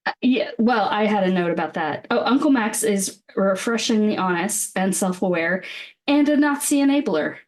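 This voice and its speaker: A woman's voice: medium pitch, lively intonation, moderate pace. A woman co-hosting a podcast in casual chat, joking, swearing freely and laughing often. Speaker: podcast co-host.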